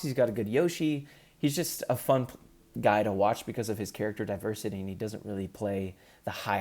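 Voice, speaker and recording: A man's voice: on the low side, darkish tone. A man in casual commentary, ranking competitive gamers in an upbeat, chatty way with frequent ums.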